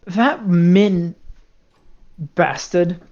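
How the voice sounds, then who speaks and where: A mid-pitched player teasing and joking at a tabletop game. The banter is loose and casual. The recording is muffled and lo-fi. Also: very slow, a little mellow.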